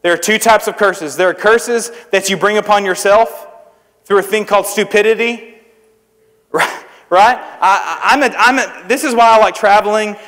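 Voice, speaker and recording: A young traveling preacher gives a youth sermon at a church service with an audience, telling stories in a joking, self-deprecating, conversational way. His voice sits high and is fairly bright at a normal speed, and the hall adds long reverb.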